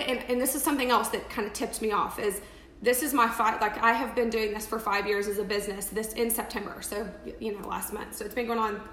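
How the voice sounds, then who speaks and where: A woman's voice: fairly high pitch, sharp tone, a little hiss or hum. Chatty woman in an echoey room. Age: 30s. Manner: chatty, rambling, emphatic, full of restarts and "like". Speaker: makeup seller on a live video. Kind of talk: casual live-stream talk.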